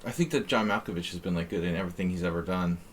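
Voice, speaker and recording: A man's voice: low voice, rapid-fire, a little hiss or hum. A man streaming chess, chatting casually and reading his moves aloud as he thinks. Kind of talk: casual live-stream chat while playing.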